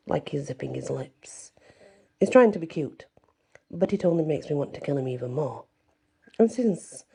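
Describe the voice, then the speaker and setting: Soft breathy lady reading a bedtime-style story, low dark voice, calm and even. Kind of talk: soft ASMR story narration.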